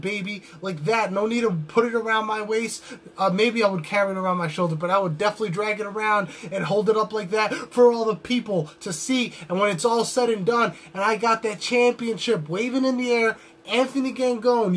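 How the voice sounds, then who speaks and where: Young adult male wrestler, high voice, brash trash-talking promo delivery. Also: a bit bright. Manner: boastful, trash-talking swagger.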